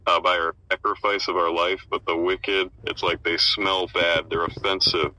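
A man with a very low voice and a strikingly sharp, bright edge shares his reflections in a casual Bible study. He speaks thoughtfully and hesitantly, and his voice is dry and close. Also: little pitch movement, normal speed, no room sound, rough recording. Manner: hesitant, thoughtful, many fillers. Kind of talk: informal Bible study discussion.

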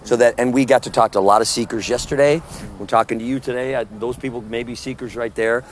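A man's voice: mid-range voice, steady tone, fast talker, slight background noise. A man preaching fervently in the street to one listener, firing rhetorical questions and condemnations. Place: outdoors at a public event.

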